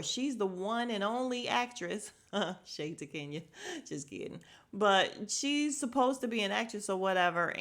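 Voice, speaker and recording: A woman hosting a casual podcast, recapping reality TV in an animated, gossipy way and laughing often. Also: fairly low pitch. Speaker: podcast host.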